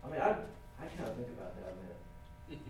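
A middle-aged man preaching a sermon in a conversational, animated way, acting out quotes with humor. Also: sits low, a little fast, recorded from a distance, very noisy. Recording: roomy echo from off-mic, faint ambience.

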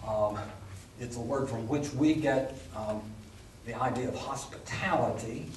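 A man's voice: mid-range voice, a little slow, distant mic. Man lecturing in a roomy hall. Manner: conversational, with frequent fillers and restarts; dry humorous asides. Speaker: Bible lecturer. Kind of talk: classroom lecture. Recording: roomy, from the mic, faint hum.

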